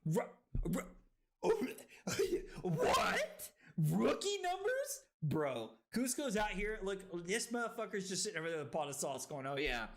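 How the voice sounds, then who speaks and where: A man streaming a card game, tipsy and rowdy, swearing, laughing and shouting with excitement. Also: high-pitched, unhurried. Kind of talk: rowdy drunk livestream chat.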